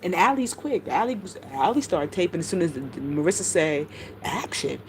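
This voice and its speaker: A woman's voice: fairly low pitch, animated, brisk, a little hiss or hum, low-quality recording. Blunt, gossipy middle-aged woman streamer. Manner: blunt, gossipy, heavy profanity. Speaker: streamer commenting on online drama. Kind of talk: casual livestream chat.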